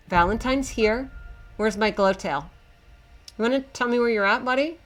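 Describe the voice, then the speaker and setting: A woman's voice: a little high, normal speed, pauses often, faint music behind. A young woman streaming a game live, chatting to herself and her in-game pets in a flustered, talkative way. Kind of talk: live gameplay commentary.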